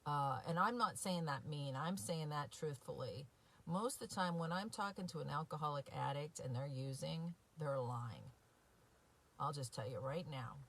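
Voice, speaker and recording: A woman's voice: low-pitched, moderate pace, vocal fry, fairly bright tone. A woman recovery coach talking casually and from the heart to her viewers, with many fillers and frequent "right?" asides. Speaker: recovery coach and podcast host. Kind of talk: casual direct-to-viewer talk.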